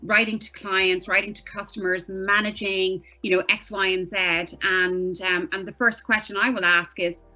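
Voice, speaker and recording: A woman's voice: medium pitch, level tone, normal speed, hardly any pauses, sharp tone, dull audio, soft background music. A woman lawyer answering interview questions in a direct, conversational way. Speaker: guest, privacy lawyer.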